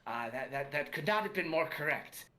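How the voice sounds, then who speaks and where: A patient, wry magic teacher lectures his class in a bright, clear voice, voiced by a man. He is gently amused and a little playful in a tabletop game. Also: on the high side, expressive, normal speed. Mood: lecturing.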